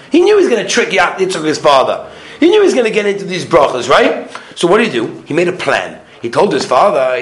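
Animated man teaching a Torah class. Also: medium pitch. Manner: animated storytelling, swings from loud excited to soft hushed; peppers speech with Yiddish and Hebrew learning terms.

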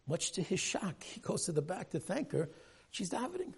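A man's voice: sits high, huge pitch swings, moderate pace, creaky, husky. A man giving a weekly religious talk, telling a story animatedly and acting out the people in it. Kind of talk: storytelling sermon.

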